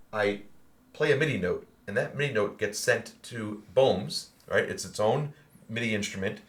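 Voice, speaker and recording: A man with an American accent hosting a podcast, chatting casually with lots of fillers and bursts of excited laughter. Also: fairly low pitch. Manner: animated, laughing storyteller, many fillers. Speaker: podcast host. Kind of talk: casual chat.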